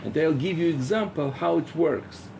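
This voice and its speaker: A man teaching as a rabbi in a philosophy lecture, halting with many fillers and acting out little dialogues. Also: on the high side, creaky, a little mellow, slight background noise. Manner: rhetorical, acts out dialogues.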